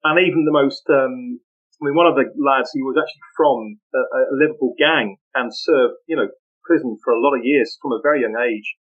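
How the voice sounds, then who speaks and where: A man telling animated stories in a casual interview, often laughing as he talks, in muffled lo-fi audio. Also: mid-range voice, fairly quick. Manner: animated, laughing, full of anecdotes. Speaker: podcast guest.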